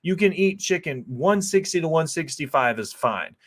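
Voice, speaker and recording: A man's voice: on the high side, animated, moderate pace, a bit bright. A man who is a chef, talking through a cooking video in a loose, rambling way, swearing freely and filling gaps with "like" and "um". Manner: profane, loose and rambling with lots of fillers. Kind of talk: casual cooking voice-over.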